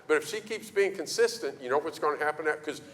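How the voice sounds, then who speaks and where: Animated male preacher in a reverberant hall. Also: a little high, fast. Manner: animated storytelling, acting out quoted voices. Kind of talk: sermon on parenting. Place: church hall. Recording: reverberant hall, faint ambience.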